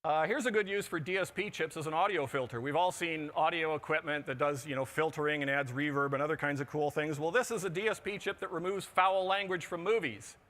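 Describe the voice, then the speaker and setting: A man with a bright, forceful voice pitched a little high, presenting at a conference. He delivers his talk with dry, joking asides. He sounds middle-aged. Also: fairly quick, few pauses. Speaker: conference speaker. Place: conference pavilion on a show floor.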